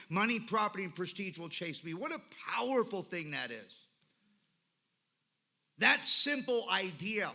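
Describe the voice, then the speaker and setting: Male speaker, recovery-meeting share. Bright, tense tone, slightly high pitch. Emphatic storyteller. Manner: emphatic storytelling with lists and repetition. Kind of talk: personal recovery talk.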